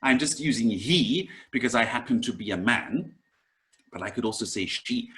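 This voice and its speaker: A man teaching as a spiritual teacher, giving a commentary on a scripture and sometimes chanting verses in an ancient language. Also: mid-range voice. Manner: slow, animated delivery with chanted Pali recitation.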